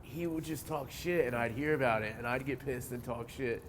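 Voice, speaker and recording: A man from New in his forties speaks in a mid-pitched, easygoing voice, dropping curses constantly. He perks up when a story gets good. There is a faint hiss behind him. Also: normal speed. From New Jersey. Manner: laid-back, swears a lot, animated when telling stories. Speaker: interviewee, pro skateboarder. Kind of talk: casual interview.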